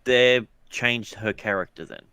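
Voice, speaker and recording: A man with a mid-pitched voice co-hosts a podcast in easy chat. He thinks out loud and restarts words now and then. The sound is dry and close on the mic. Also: unhurried, clean tone, dry recording. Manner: thoughtful, sometimes stumbling over words. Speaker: podcast co-host.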